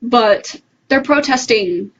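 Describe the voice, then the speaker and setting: A woman's voice: a little high, expressive, slow pace, muffled recording. A woman giving her heartfelt opinion in a casual livestream monologue, earnest and full of fillers. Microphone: phone livestream.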